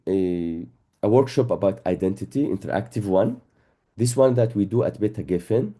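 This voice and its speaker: A man's voice: on the low side, dark tone. A man from Israel, a native Arabic speaker in his thirties, tells humorous personal stories in a talk and acts out the dialogues. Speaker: educator and workshop facilitator.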